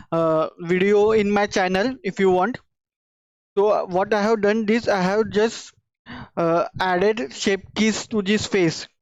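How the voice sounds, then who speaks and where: A woman's voice: mid-range voice, no echo. A woman hosting a 3D modeling channel, walking through her work in a casual tutorial, speaking in simple phrases with hesitant fillers. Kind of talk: casual screen-recorded tutorial walkthrough. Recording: dull, slightly lo-fi dry sound.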